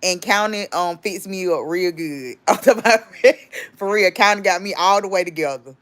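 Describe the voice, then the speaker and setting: A woman's voice: fairly low pitch, moderate pace, a bit bright. Chatty woman livestream host. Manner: chatty, rambling, greets and thanks viewers. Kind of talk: casual livestream chat.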